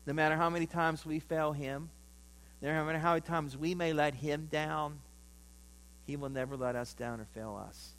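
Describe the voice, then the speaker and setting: A pastor preaching a sermon, telling a story and acting out the voices in it. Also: male voice, on the high side, steady tone, normal speed, a bit bright, clear, resonant tone, low-quality recording.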